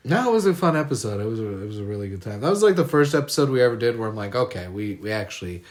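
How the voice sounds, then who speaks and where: A man's voice: mid-range voice, sing-song, racing. Laughing, foul-mouthed guy. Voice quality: swears constantly, loose and laughing. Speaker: podcast co-host. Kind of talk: casual crude chat. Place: garage.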